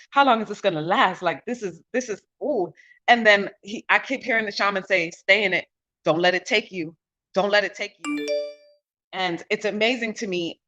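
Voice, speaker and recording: Bright-voiced woman telling a wild story. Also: mid-range voice, dull audio. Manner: animated, swearing, slangy. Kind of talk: casual spiritual storytelling.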